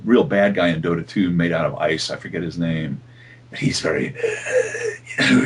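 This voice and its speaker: Husky-voiced man, chatty voice actor. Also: lowish voice. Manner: chatty, animated, laughs often. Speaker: voice actor guest. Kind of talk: casual interview chat.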